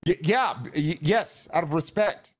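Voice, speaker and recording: A man's voice: a little high, moderate pace, a bit bright, dry recording. A man role-playing a prosecutor, flustered and stammering through apologies. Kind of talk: casual role-play.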